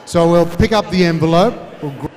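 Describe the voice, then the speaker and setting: A man's voice: on the high side, a little fast, a little mellow. Emcee man in an echoey hall. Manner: loose, chatty with fillers. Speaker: awards ceremony host. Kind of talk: live emcee patter. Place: large reverberant event hall with audience. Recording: echoey hall, crowd behind.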